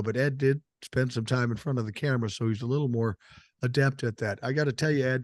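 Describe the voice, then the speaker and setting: A man's voice: mid-range voice, no room sound, studio quality. An older man hosting a podcast, talking in casual, blunt and profane chat while he has a cold. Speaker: podcast host.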